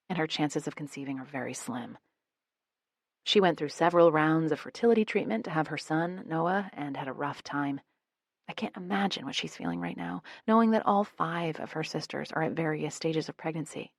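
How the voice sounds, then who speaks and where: Woman, audiobook narrator, lower voice, lively intonation, first-person narration. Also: dry recording, studio quality. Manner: expressive, many character voices.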